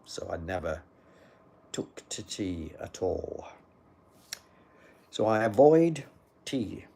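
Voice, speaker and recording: A man's voice: deep voice, very animated, slow pace, gravelly, mellow, slight background noise. An older man who chats in a casual, dry and rambling way as he answers live comments into a phone. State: sleepy, yawning. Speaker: livestream host.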